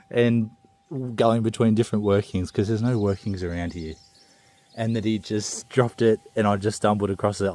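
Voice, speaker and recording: A man vlogging while prospecting outdoors on the goldfields, keeping his voice low with breathy exclamations. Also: darkish tone. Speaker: gold prospector.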